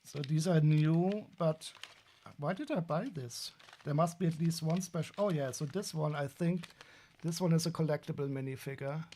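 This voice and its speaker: A man's voice: on the high side, normal speed, warm tone. German-accented man chatting on a stream. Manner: wry, rambling, many restarts and fillers. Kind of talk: casual live-stream chat while unboxing.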